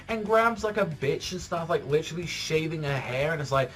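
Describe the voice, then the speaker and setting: A man's voice: a little high, a little fast, fairly bright tone, faint music behind. A man giving a casual, rambling spoken review of a manga chapter, filling his talk with "like" and swearing freely. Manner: rambling, heavy use of "like", swearing.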